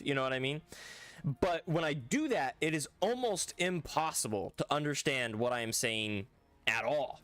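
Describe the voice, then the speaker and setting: A streamer chatting casually while playing, rambling in a relaxed way with lots of restarts. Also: medium pitch, moderate pace, dry recording. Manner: rambling and laid-back, lots of restarts and laughs. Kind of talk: casual livestream chat while gaming.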